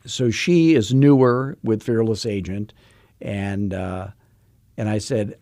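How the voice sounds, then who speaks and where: A man's voice: on the low side, fairly even intonation, takes it slowly, dark tone, no room sound, studio quality. A man coaching real estate agents on a podcast, chatting through stories with frequent repeats and restarts. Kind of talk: podcast monologue with anecdotes.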